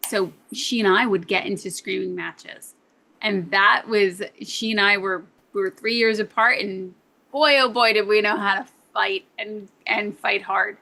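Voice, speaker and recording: A woman joining a casual group talk, sharing a story in an expressive way. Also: medium pitch, unhurried, vocal fry, low-quality recording. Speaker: discussion participant. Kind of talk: casual chat.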